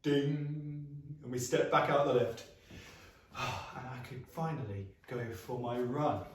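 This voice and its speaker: At a measured pace and in a mid-range voice, a music practitioner coaxes children through a playful action story with sound effects during a live online session. The recording picks him up from afar in a very echoey room, with a little hiss or hum.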